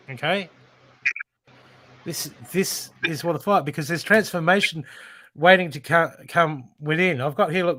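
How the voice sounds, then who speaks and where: Man, slightly higher voice, emphatic card reader, steady background noise. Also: moderate pace. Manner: emphatic, repetitive, casually swearing. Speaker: intuitive card reader and show host. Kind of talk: live spiritual card reading.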